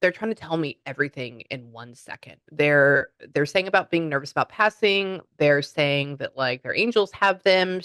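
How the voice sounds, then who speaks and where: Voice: mid-range voice, sharp tone, no room sound. A psychic medium, chatting through a spirit reading and relaying messages.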